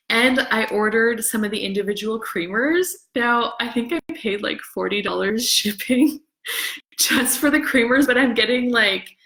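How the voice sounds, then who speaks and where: A middle-aged woman from Canada chatting casually on a livestream, rambling and excitable as she greets viewers. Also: mid-range voice, vocal fry. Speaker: livestream host. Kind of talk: casual live chat.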